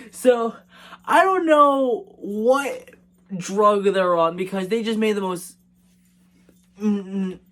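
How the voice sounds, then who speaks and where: A man's voice: high voice, slow pace, long pauses, fairly bright tone. A man casually recapping a movie in a rambling, joking way, with frequent hesitations and fillers. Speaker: movie reviewer.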